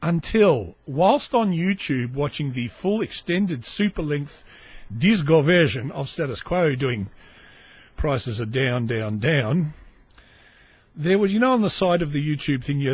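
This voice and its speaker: An Australian man hosting a casual solo podcast, sardonic and sweary, with lively asides. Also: fairly high pitch, a little slow, breathy edge, no room sound. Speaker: podcast host.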